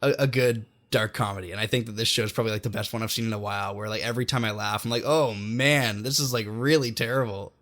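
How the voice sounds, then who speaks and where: A man's voice: fairly low pitch, fairly even intonation, very fast, few pauses, fairly bright tone. A man guesting on a casual podcast, giving earnest, enthusiastic reviews.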